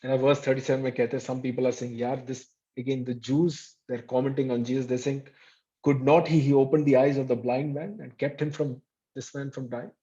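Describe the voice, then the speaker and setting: Man preaching, dark muffled voice. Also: level tone, fast talker. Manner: switches between English and Hindi, repeats phrases for emphasis; rises to a raised, intense pitch when stressing a point. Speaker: pastor. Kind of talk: bilingual sermon in English and Hindi. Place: church service.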